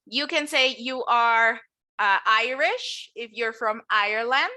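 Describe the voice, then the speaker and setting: Bright, high-pitched woman as a bilingual English teacher, slow model words for repetition. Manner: switches between English and Spanish explanations; slow, drawn-out model words for students to repeat. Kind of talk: online class teaching nationalities.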